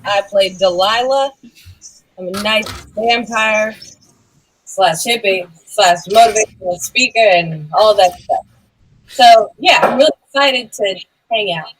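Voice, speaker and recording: A woman's voice: medium pitch, a little slow, husky, rough recording. A woman player speaking on a stream over a video call, stiff and formal when she makes announcements. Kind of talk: casual stream chat.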